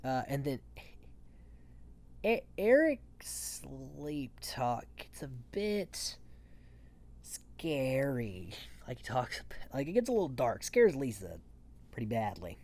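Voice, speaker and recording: A man's voice: mid-range voice, very animated, slow pace, pauses often, a little mellow. A man talking casually and offhandedly as a recap host, swearing freely and chuckling often between points. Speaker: reality show recap host.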